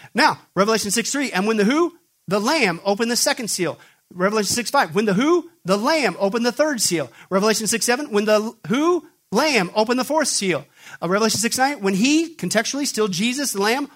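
A male preacher with a high-pitched voice, delivering a forceful sermon. He keeps asking questions and answering them himself, swinging between loud, pressing emphasis and low, intense passages. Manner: emphatic call-and-response questioning.

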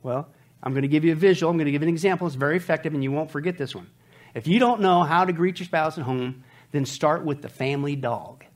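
A man's voice: on the high side, fast talker. A man preaching a humorous sermon, joking with his audience and calling them folks.

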